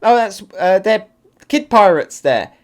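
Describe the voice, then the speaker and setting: Guy doing a live manga reaction, gets excited then drops low, lots of um and like. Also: measured pace. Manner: excitable, thinks aloud, frequent fillers. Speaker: manga reaction channel host. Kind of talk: live comic reaction and review.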